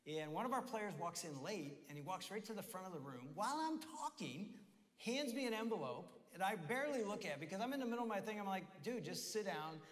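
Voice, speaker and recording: A pastor with a slightly higher male voice tells a comic story from the stage. He swings from hushed asides to bursts of laughter. His voice rings with the long reverb of a church hall. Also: fast talker. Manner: lively storyteller, laughing at his own anecdotes. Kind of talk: sermon with personal stories. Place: church auditorium.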